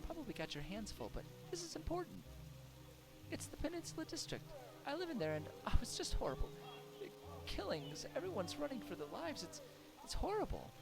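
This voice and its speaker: A panicked, pleading refugee begging for help in a high, frantic voice, as a man puts it on. The pitch leaps far above his usual register, with game music running underneath. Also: huge pitch swings, a little fast, vocal fry, heavily acted. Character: panicked frightened refugee fleeing killings.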